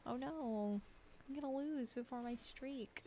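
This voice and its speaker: A woman's voice: high voice, a little slow, warm tone, slight background noise. A young woman streaming late at night, sleepy and yawning, chatting in a rambling, self-deprecating way at her desk mic. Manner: chatty, self-deprecating, drifting train of thought. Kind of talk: casual rambling stream chat.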